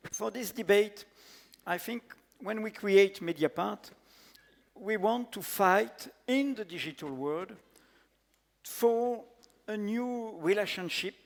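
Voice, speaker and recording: A man's voice: sits high, vocal fry. French-accented man speaking in a hall. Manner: earnest, emphatic, halting non-native English with fillers. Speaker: panel speaker, editor-in-chief. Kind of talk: conference panel talk. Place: large conference hall. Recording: echoey conference hall.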